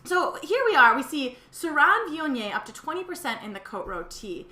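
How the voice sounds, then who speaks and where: A woman with a Midwestern accent, chatty and animated, presenting a wine lesson with slides and plenty of fillers. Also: sits high, a little fast. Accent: Midwestern American. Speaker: wine school owner and teacher. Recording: echoey room with faint background noise.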